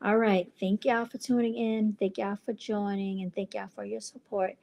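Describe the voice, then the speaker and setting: A woman's voice: medium pitch, little pitch movement, normal speed, vocal fry, a little mellow. A woman hosting her own livestream channel, talking casually to viewers with chatty, exasperated asides. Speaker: channel host and clothing brand founder.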